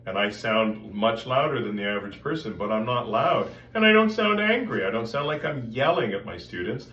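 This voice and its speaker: Male voice teacher, bright and ringing, a bit off-mic with faint music behind. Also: lowish voice, brisk, reverberant, far from the mic, muffled recording. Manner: animated, coaching, talks straight to the viewer. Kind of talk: vocal technique lesson with demonstrations.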